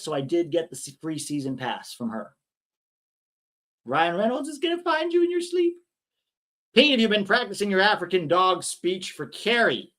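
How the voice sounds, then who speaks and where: Lively young man chatting on a livestream. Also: fairly high pitch. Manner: chatty, rambling, reads viewer comments aloud. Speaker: watch-along host reading chat. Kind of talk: casual live-stream chat.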